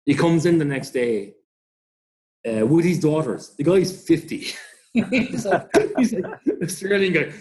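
A man's voice: on the high side, expressive, measured pace, a little mellow. Rambling, swearing Irish man. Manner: rambling, profane, laughs often. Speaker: interview guest, rugby club founder. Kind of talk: casual storytelling interview.

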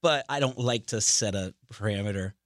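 A man in his forties, a singer-songwriter guest, chatting in a relaxed way with lots of fillers. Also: fairly low pitch, normal speed, no echo, clean studio sound. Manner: relaxed, chatty, many fillers like "you know". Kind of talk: casual interview chat.

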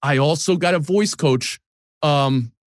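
A man's voice: a little high, takes it slowly, no echo, clean studio sound. A man in his forties from the New York area, a sports TV host talking candidly and self-deprecatingly in a podcast conversation.

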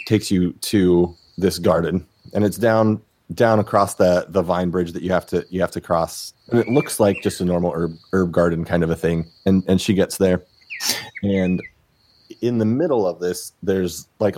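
A man running a tabletop fantasy game as game master, narrating in a relaxed, halting way with many restarts. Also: deep voice, a little hiss or hum.

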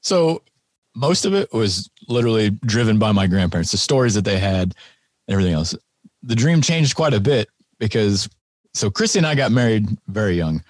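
Husky, low-voiced man telling stories. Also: very animated, brisk, dry recording, studio quality. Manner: laid-back, wry, laughs often. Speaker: podcast guest, farmer. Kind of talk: casual conversational storytelling.

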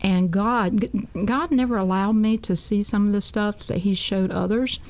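Speaking at normal speed with a darkish, mid-range voice, a female talk show guest recounts her testimony. The telling is homespun and sincere, studded again and again with "I said."

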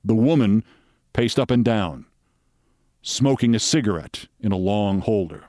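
A man hosting, giving a measured, wry reading of a short crime story aloud. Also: on the low side, animated, dark tone, no room sound, clean studio sound.

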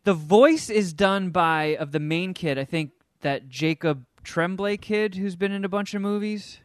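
Animated man with a dry close sound. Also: sits high, a little slow, clean tone, no room sound. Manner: animated storyteller, hams up silly voices for the characters he describes. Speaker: podcast co-host reviewing a film. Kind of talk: casual chat.

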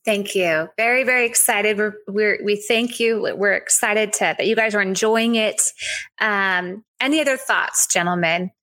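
A woman's voice: mid-range voice, normal speed, sharp tone, poor audio. A woman in her forties, a company founder being interviewed on a podcast, gracious and talking in long flowing runs. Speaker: whiskey company founder, guest.

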